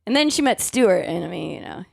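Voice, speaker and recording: A woman's voice: fairly low pitch, very animated, a little fast, gravelly, dry recording, studio quality. A woman singer chatting casually and telling stories between songs on a live music show. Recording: live music playing behind the voice.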